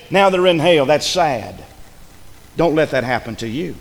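Pastor, man, high-pitched and fiery, booming shouts dropping to near whispers, reverberant church hall. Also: expressive, measured pace. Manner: fiery preaching, swinging from loud shouts to hushed lows. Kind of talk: sermon. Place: church sanctuary.

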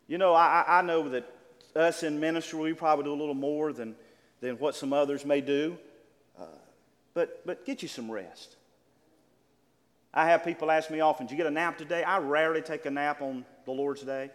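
An older man preaching a sermon to a congregation, calling out amens and building to loud, exclaimed lines. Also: a little high. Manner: preaching with call-and-response amens, building to shouts. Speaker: pastor. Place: church. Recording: church hall with long reverb.

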